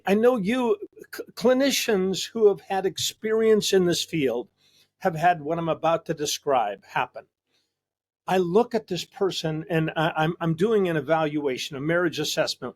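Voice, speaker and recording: A man's voice: fairly high pitch, normal speed. A male psychologist hosting a discussion show, talking earnestly and emphatically, often repeating a word as he starts a sentence. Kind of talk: conversational discussion.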